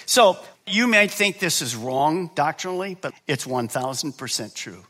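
Animated, bright-voiced male preacher. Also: moderate pace. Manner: swings from quiet, low asides to loud, high-pitched preaching; asks the congregation questions and answers them himself. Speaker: pastor. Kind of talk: sermon.

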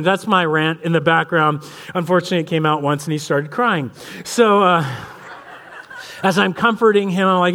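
A middle-aged man gives a sermon in a notably high voice. He tells anecdotes from home and plays out the conversations as he goes. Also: a little fast, bright, forceful tone. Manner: storytelling, acts out family dialogue. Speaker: pastor.

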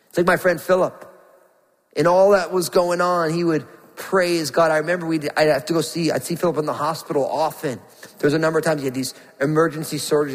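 A man preaching a sermon with passion, his voice climbing as he reads Scripture and dropping soft for questions to the congregation. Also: fairly high pitch, in a large hall, low-quality recording. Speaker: pastor.

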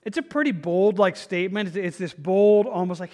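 A man's voice: high voice, brisk, darkish tone. A man teaching a Bible study in a conversational way. He is earnest, thinks aloud as he goes, and often restarts his sentences.

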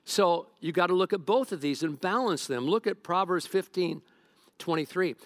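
A man's voice: sits high, normal speed, no room sound, clean studio sound. A middle-aged man preaching a sermon as a pastor, telling stories from home and joking with the congregation. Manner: animated, joking storyteller.

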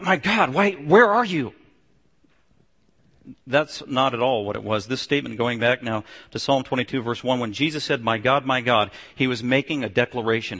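A man preaching a sermon, swinging between loud emphatic declarations and low hushed passages. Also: long reverb tail. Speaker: pastor.

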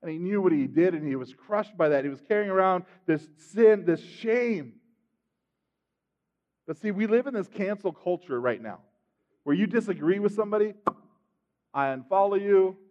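A man preaching a sermon, telling the story with animated swings between loud and hushed delivery. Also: high voice, moderate pace. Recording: dull sound with long hall reverb.

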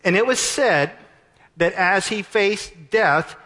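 A man preaching a sermon as pastor, impassioned and climbing to near-shouts at his peaks. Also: high-pitched, animated, takes it slowly. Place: church sanctuary. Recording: long hall reverb.

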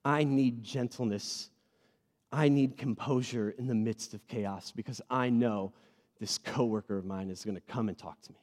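A man in his thirties preaching a sermon to a congregation, earnest and personal, swinging between loud emphatic bursts and soft, quiet moments. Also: mid-range voice, fairly even intonation, normal speed. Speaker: pastor. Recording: long hall reverb.

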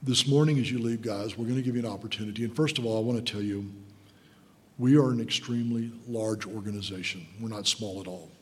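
A man's voice: fairly low pitch, fast. A man in his sixties preaching a sermon, telling an emotional story and calling the listeners guys. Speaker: guest preacher. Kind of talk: sermon testimony. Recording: long hall reverb.

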